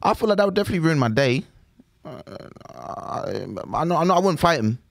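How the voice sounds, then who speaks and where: A man in a casual podcast chat, reacting with quick questions and comments. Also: a little high, very animated, creaky, no room sound, clean studio sound. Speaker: podcast co-host.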